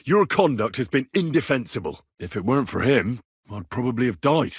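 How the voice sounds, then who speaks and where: An actor playing a wry, plainspoken young medieval commoner hero in a game, sardonic and quick to swear. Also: male voice, medium pitch, big pitch swings, slightly rough, dry recording, studio quality. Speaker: game protagonist. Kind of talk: game voice lines.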